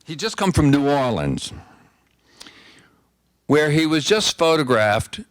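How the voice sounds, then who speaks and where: A man's voice: fairly high pitch, sing-song, takes it slowly, no room sound. An older man telling stories as a guest speaker, chatty and conversational, often restarting his sentences. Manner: conversational storyteller, frequent restarts. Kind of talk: anecdotal talk.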